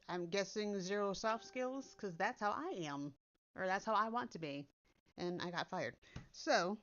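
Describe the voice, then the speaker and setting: A woman's voice: medium pitch, a bit bright. A woman content creator in casual chat, blunt and direct, swearing casually. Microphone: built-in computer mic instead of her usual microphone. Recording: dull lo-fi sound from a computer's built-in mic.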